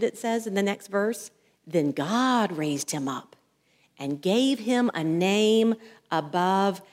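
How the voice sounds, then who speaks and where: A woman pastor preaching a sermon into a headset mic, telling stories and acting out the voices in them. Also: a little high. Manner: storytelling, acts out voices in anecdotes. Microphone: headset mic at the ear. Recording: long hall reverb.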